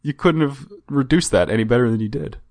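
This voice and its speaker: A man's voice: medium pitch, quick pace, a little mellow, no echo. Chatty male podcast host, dry sound. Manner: chatty, uses fillers like um and kinda. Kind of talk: casual chat.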